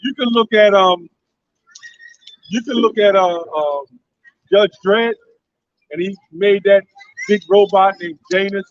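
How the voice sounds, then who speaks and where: A man's voice: high-pitched, takes it slowly, pauses often, no room sound. A man giving an emphatic biblical teaching, breaking into laughs between his points. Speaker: religious teacher. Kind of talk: street-style biblical teaching. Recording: distant, dull lo-fi recording.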